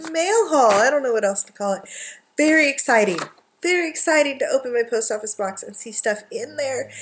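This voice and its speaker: Gushing, excitable woman crafter. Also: on the high side. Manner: gushing and excitable, lots of little asides. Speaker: craft vlogger and art journaling teacher. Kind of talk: casual chatty haul vlog. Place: at home on a couch.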